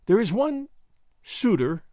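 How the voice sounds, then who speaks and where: A man's voice: high-pitched, sing-song, slow pace, mellow, no echo, studio quality, pitched above the performer's own voice, exaggerated voice. A man voicing a proud, flustered young noblewoman in a formal, agitated manner. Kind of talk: audiobook character voice.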